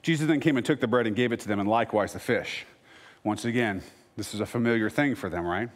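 A man's voice: on the low side, fast. A male pastor preaching a sermon, reading scripture aloud and voicing quoted lines with dramatic emphasis. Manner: rises to emphatic, louder lines.

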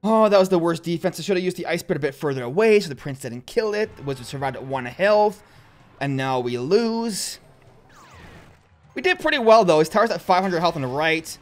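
A young man hosting a gaming channel, giving gameplay commentary and jumping to loud, excitable outbursts. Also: a little high, brisk.

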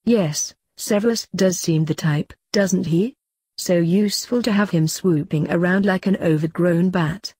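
A woman's voice: fairly low pitch, measured pace, slightly rough, dry recording. Quirrell, a cold smug villain teacher, read by a woman. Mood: coolly smug. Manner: calm, coolly mocking.

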